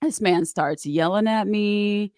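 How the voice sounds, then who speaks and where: A woman's voice: medium pitch, slow, smooth, no echo, clean studio sound. A woman guest in an interview, telling her story casually and acting out what others said. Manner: animated, acts out quoted voices.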